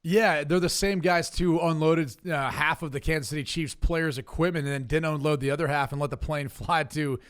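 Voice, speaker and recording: Wry former quarterback on a podcast. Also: male voice, a little high, fairly even intonation, fairly quick, hardly any pauses, fairly bright tone, clear, resonant tone, dry recording, studio quality. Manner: wry, easygoing, joking along. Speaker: former football quarterback, podcast guest analyst. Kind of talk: casual sports podcast chat.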